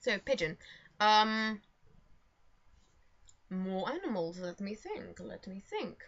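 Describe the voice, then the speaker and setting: Bright-voiced young woman, rambling. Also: mid-range voice, sing-song, a little slow, pauses often. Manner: rambling, self-mocking, many fillers. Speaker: vlogger. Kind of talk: casual chat to camera. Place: home room. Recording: dull lo-fi home recording.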